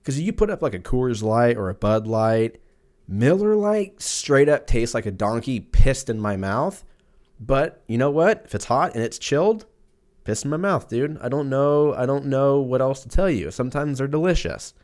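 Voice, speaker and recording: Male, 30s, podcast host; rambling, cursing, animated delivery. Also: mid-range voice, normal speed. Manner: profane, rambling, jokey, puts on silly voices for quotes. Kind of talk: casual solo podcast rant.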